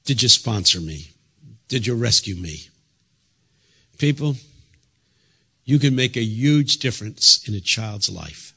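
Bright, husky-voiced impassioned male preacher. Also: medium pitch. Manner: impassioned, swings from hushed to loud. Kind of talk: sermon. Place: church.

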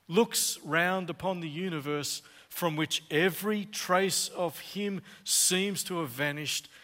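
Bright-voiced preacher in reverberant hall. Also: male voice, on the high side. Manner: earnest, dramatic pauses with swings from loud to hushed. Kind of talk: sermon.

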